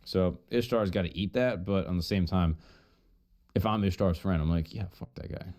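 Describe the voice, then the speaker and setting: A man's voice: deep voice, moderate pace, a little mellow. A man streaming while he retells an old myth in a casual, profane, joking way, full of asides.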